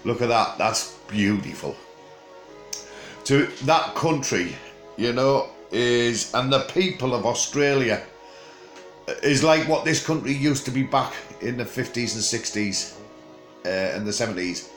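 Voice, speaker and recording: A man's voice: medium pitch, a bit bright, faint music behind. Rambling older man, Teesside accent, echoey. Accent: Teesside English. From England. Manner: rambling, jokey and chatty, with frequent filler pauses. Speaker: vlogger. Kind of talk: casual rambling chat to camera.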